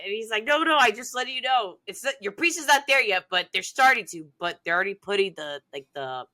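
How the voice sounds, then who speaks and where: Bright-voiced excitable woman. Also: medium pitch. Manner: excitable, animated, heavy use of "like". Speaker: guest. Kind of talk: casual storytelling on a podcast.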